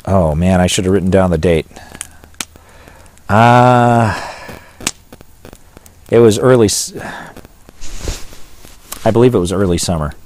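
Man, Pacific Northwest accent, interviewee, low voice, hesitant, rambling. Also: slow, long pauses, a little mellow, slight background noise. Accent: Pacific Northwest American. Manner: rambling, hesitant, many fillers and restarts. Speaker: pastor and witness. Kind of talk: casual storytelling interview.

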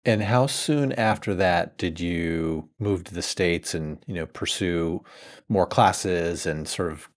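Deep slow-talking guy hosting a podcast, short chill replies. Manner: brief encouraging responses. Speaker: podcast host. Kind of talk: casual interview.

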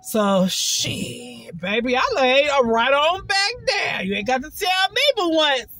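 Chatty woman vlogger with a bright voice. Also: high-pitched, takes it slowly, rough recording. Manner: chatty and expressive, says "baby" often, laughs while telling; quotes others in shifted voices. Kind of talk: casual storytelling vlog.

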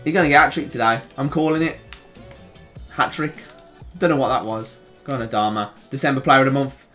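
A young man with a Birmingham accent giving excitable, chatty play-by-play commentary on a football video game, groaning and shouting at near misses. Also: mid-range voice, a little fast, faint music behind. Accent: Birmingham English. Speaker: gaming YouTuber.

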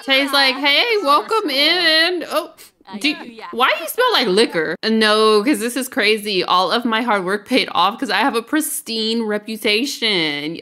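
Bright, animated woman gaming host. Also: a little high. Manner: excitable and dramatic, laughing often. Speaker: let's play host. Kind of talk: casual game commentary.

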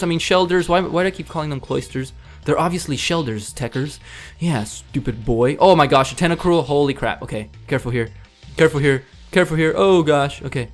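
A young man giving excitable commentary over his gameplay as a let's play host, blurting sound effects and gamer slang. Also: on the high side.

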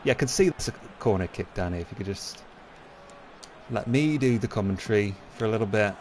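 A man hosts a comedic football game stream in a lowish voice. He stays deadpan and mock-earnest, stumbling through plenty of ums and uhs. A faint background hum sits under him. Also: fairly quick. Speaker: streamer and host.

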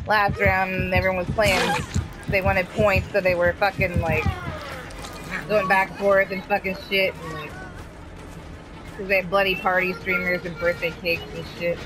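Speaking at a moderate pace in a lowish, steady voice, a female streamer comments casually on her gameplay. Background noise is audible, and she curses and taunts her opponents throughout.

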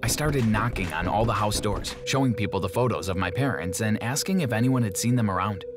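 A man giving scripted first-person narration of an animated story in a plain, steady telling. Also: fairly low pitch, brisk. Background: background music.

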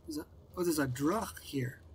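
Playing a video game, this man offers dry, casual let's-play commentary as a gameplay commentator, frequently addressing himself and the characters on screen. He speaks at normal speed in a voice on the high side.

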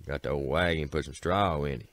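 A man with a very deep voice and an Appalachian accent tells an old mountain folk tale in a homespun, rambling way, starting lines with "said" and lifting his voice for the characters. The recording is close and dry. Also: fast talker, fairly bright tone, no echo. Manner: folksy, repeats "said" often, voices characters. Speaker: storyteller.

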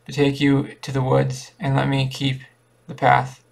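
A man reading as a calm, sinister old traveler. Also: medium pitch, a little slow, creaky, poor audio. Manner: flat, barely changed reading voice. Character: calm sinister elderly male traveler with a staff.

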